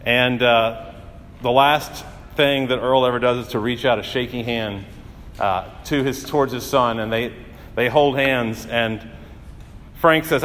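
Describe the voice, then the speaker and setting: A male pastor preaches at a middle pitch, voice carrying a long reverb through a church sanctuary. He tells his stories earnestly, pausing for drama and building emphasis as he goes. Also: steady tone, a bit bright, a little hiss or hum. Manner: earnest storytelling with dramatic pauses and rising emphasis. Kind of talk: sermon.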